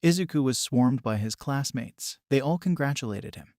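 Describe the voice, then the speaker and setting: A man doing scripted story narration, reading in an even, measured way. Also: mid-range voice, dry recording, clean studio sound.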